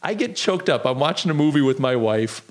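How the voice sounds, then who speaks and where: A man's voice: medium pitch, big pitch swings, fairly quick. A man hosting a solo podcast, talking in an earnest, conversational way with frequent restarts. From United States. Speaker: podcast host.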